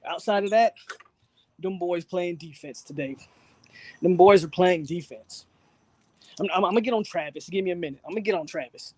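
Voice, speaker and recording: A man hosting a live fan reaction stream, out of breath, talking in excited, repetitive slang outdoors in the wind. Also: sits high, fast talker, no echo. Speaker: channel host. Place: outdoors, windy.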